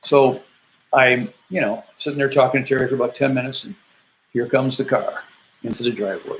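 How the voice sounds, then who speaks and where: An older man from Michigan, a military veteran, telling a personal story in an animated way and acting out the people in it. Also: medium pitch, fairly quick, slight background noise, low-quality recording. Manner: animated, acts out the voices of people in his story.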